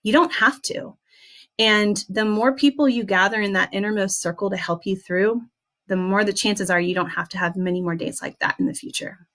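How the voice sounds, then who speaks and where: A young woman speaks earnestly as she leads a small class. Her pitch sits in an ordinary middle range, and her delivery is gentle and heartfelt. She often pauses with soft "um"s. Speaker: essential oils class leader. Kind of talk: heartfelt motivational class talk.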